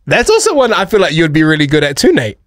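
A man's voice: fairly high pitch, huge pitch swings, fast talker, no room sound, studio quality. A man co-hosting a radio show, bantering in an easygoing, playful way and reading promos. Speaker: radio co-host.

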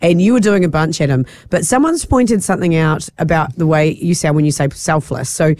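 A woman's voice: low-pitched, brisk, a little mellow. A woman hosting a radio show, chatting casually and laughing with her co-host. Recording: dry studio sound.

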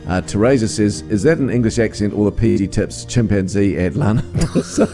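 A man hosting a breakfast radio show in joking banter with his co-host. His voice is mellow and warm, and he laughs easily. Faint music plays behind him. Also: fairly low pitch, lively intonation, moderate pace. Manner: jokey, laughs often.

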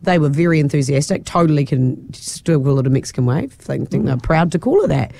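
A woman's voice: sits low, expressive, a little fast, vocal fry, few pauses, dark tone. A woman hosting a breakfast radio show in casual banter, bubbly and giggly, her voice leaping up when surprised. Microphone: studio microphone.

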